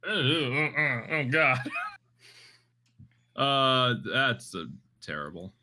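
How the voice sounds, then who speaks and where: A man playing a tabletop game, casual and quick to laugh. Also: mid-range voice. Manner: animated, laughs easily. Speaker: player.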